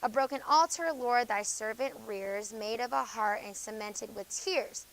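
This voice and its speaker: A woman teaching a high school class, her voice sitting a bit high. She walks through the material with plenty of ums and keeps checking in with a quick "okay?". Every so often she turns firm and tells students off. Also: a little hiss or hum, low-quality recording. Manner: explains with frequent "okay?" checks and fillers, stern asides to students. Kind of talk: classroom lecture.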